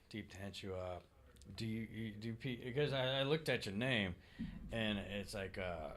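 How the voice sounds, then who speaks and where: A man with a somewhat low voice hosts a relaxed panel chat. He stops and restarts often, filling gaps with uhs. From United States. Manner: halting, many uhs and restarts. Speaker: podcast host.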